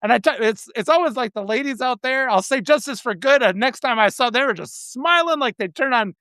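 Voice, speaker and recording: A man's voice: very high voice, expressive, fairly quick, pushed and bright, clear, resonant tone, dry recording. A man hosts a casual live video talk, his stories spilling out in an emotional, meandering stream. The sound is dry and close, with hardly any room around his voice. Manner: emotional, rambling storytelling. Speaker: host.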